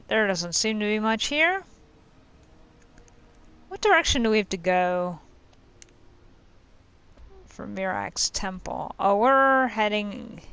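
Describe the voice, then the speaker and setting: A woman's voice: mid-range voice, fairly bright tone, smooth. A woman casually commenting on her game as she plays, thinking aloud and trailing off mid-sentence. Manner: chatty, thinking aloud, hesitant with fillers. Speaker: gamer playing and commenting. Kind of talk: casual let's-play commentary.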